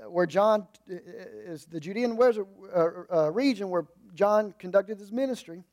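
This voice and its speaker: A man with a high voice preaching in a relaxed, folksy way, stopping for humorous asides. He stresses points in raised bursts, then drops into low, quiet remarks. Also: measured pace. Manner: shifts between emphatic raised lines and low asides. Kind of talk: conversational sermon.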